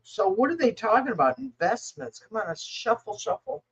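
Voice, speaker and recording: A woman reads tarot cards for viewers on a casual livestream, answering their questions as she talks to the chat in a rambling, blunt, emotional way. Her voice is fairly high, expressive and a little breathy, at a normal speed, and the audio sounds dull.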